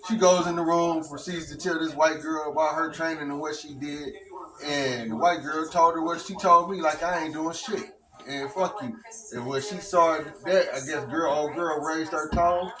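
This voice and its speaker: A man's voice: on the high side, normal speed, far from the mic, a crowd in the background. A man telling a long, profane story to friends, quoting everyone in it. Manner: profane, animated storytelling, quotes voices. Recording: echoey room with music playing.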